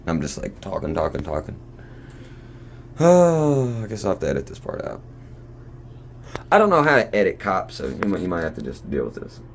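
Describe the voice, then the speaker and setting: A man's voice: deep voice, huge pitch swings, a little fast, vocal fry, a little hiss or hum. A young man rambling defensively in a long monologue, recorded on his own phone. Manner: defensive, rambling, getting louder. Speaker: son recording a garage sale dispute. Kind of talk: ranting monologue to camera. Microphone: phone recording himself.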